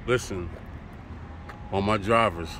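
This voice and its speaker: A man's voice: on the low side, slow, background noise. A man, a truck driver vlogging casually outdoors, laid-back and chatty as he talks straight to his viewers. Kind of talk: casual vlog talk to camera. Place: outdoors by a truck at a loading site.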